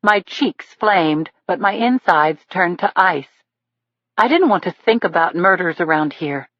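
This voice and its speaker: A woman narrating a thriller audiobook in the first person, in a steady storytelling manner. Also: lowish voice, a little slow, no room sound. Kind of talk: scripted narration. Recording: dull lo-fi dry recording.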